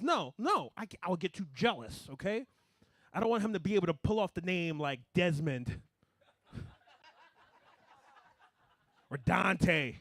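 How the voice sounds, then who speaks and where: Animated young stand-up comedian, man. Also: high voice, no room sound. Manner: animated, swings between mumbling asides and loud punchlines.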